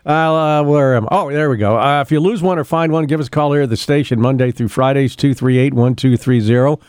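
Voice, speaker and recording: A man's voice: medium pitch, darkish tone. A middle-aged man hosting a local radio show, chatting casually, often chuckling and losing his place in his notes. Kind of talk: casual morning radio talk. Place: radio studio.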